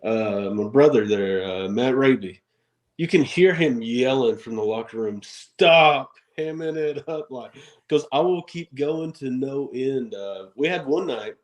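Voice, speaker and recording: A man, a wrestler guest on a podcast, telling stories in an animated way, acting out quotes and laughing often. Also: mid-range voice, low-quality recording. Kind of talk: casual storytelling interview.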